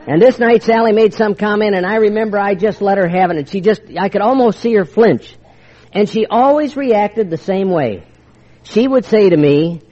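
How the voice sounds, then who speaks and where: A man's voice: high-pitched, moderate pace, a little mellow. Wry older man telling his story, lo-fi. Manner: wry, confiding storyteller who acts out quoted exchanges. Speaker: speaker sharing his recovery story. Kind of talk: storytelling talk to a recovery meeting. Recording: dull lo-fi recording.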